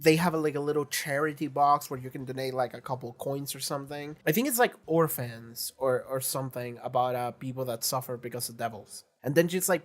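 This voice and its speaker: A man's voice: medium pitch, a little fast, few pauses. A man rambling through casual reaction commentary, retelling scenes and thinking aloud as he goes. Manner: animated storytelling, acts out quotes. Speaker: reaction video host.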